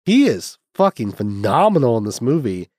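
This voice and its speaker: A man's voice: medium pitch, sing-song, moderate pace, a little mellow, no room sound, studio quality. A man casually reviewing a film, rambling with lots of fillers and restarts and the odd swear word.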